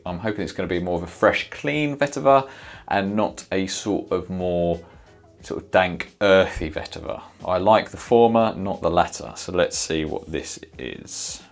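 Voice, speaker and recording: A man casually reviewing fragrances, thinking aloud with many fillers and reacting as he smells each one. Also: low voice. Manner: sniffs and reacts in the moment.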